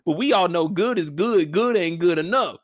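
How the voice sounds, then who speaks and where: High-voiced man ranting incredulously. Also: animated, moderate pace, no room sound, studio quality. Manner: incredulous ranting, repeats phrases for emphasis; talks straight to his viewers. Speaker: host of a live after-show discussion. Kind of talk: animated live reaction commentary.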